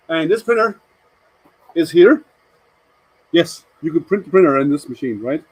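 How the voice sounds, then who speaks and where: A man's voice: on the high side, dry recording, poor audio. A man hosting a casual live stream, chatting to viewers and answering their comments with rambling, hesitant talk.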